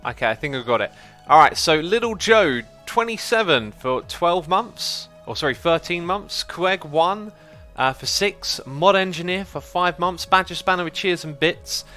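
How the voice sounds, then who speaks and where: A man hosting a casual livestream, calm and easygoing as he reads out chat and thanks viewers. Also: high-pitched, moderate pace, soft background music. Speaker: livestream host reading chat.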